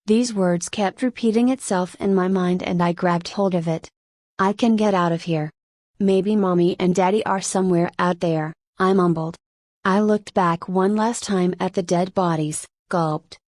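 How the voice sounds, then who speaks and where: Low-voiced woman reading a novel. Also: darkish tone, no echo. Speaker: audiobook narrator. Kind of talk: first-person light novel audiobook narration.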